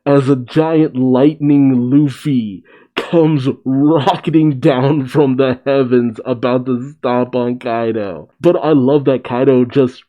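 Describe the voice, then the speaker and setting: Man hosting a reaction video: mellow voice, slow delivery, laughs and swears. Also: medium pitch, lo-fi sound. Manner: excitable, swears and laughs often. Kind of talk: casual reaction commentary.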